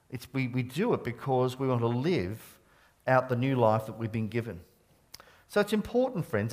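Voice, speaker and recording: A middle-aged pastor from Scotland, with an Australian accent that keeps a trace of Scottish, preaching a sermon earnestly and emphatically, often stumbling and restarting words. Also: male voice, medium pitch.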